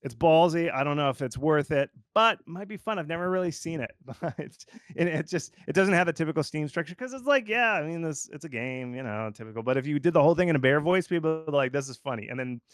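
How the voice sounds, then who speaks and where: A man with a slightly high voice gives game marketing advice in a loose, animated way. He leans heavily on fillers and asides. His voice sits dry and close, with no room sound. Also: quick pace, smooth, no room sound. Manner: animated and informal, lots of fillers like "like". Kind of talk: conversational expert commentary.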